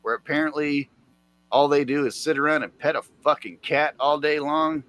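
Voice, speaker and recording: A man chatting casually on a live stream, animated and swearing as he talks to his chat and a friend. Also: on the high side, normal speed, dry recording, faint music behind. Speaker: livestreamer.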